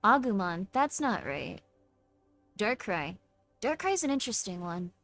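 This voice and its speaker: A woman hosting a live stream, chatting casually in a bubbly, excitable, playful way. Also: mid-range voice, a little slow, faint music behind. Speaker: streamer host.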